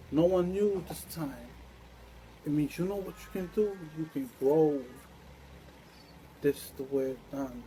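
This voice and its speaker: A man's voice: a little high, dark tone, a little hiss or hum, rough recording. A man delivering a rambling monologue to camera, drifting through loose stream-of-consciousness musings.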